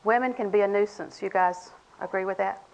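A woman's voice: mid-range voice, brisk, darkish tone, rough recording. An older woman preaching a sermon in a folksy, humorous way, acting out little conversations. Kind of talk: sermon to a women's audience.

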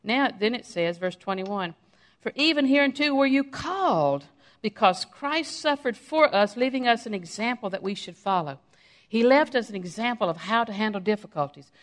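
Middle-aged woman preaching, chatty and lively. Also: fairly high pitch, normal speed. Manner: conversational preaching with acted-out quotes of herself. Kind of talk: sermon.

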